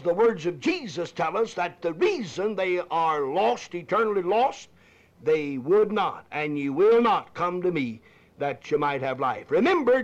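Emphatic high-voiced preacher, lo-fi recording. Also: male voice. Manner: emphatic, repeats phrases, swings from loud to hushed. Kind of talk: fiery old-time sermon. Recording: dull lo-fi archival sermon recording.

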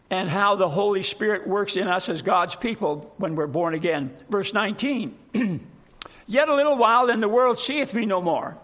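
A man preaching a sermon in a slow, emphatic way, reading scripture aloud and explaining it. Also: sits high, fairly bright tone, dull audio.

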